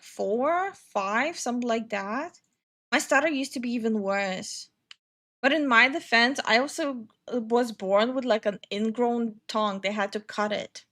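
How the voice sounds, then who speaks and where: A woman's voice: on the high side, a little slow, a bit bright. A young woman streaming live from New Jersey, reading chat aloud, who stutters and swears freely while reacting to her viewers. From New Jersey, USA.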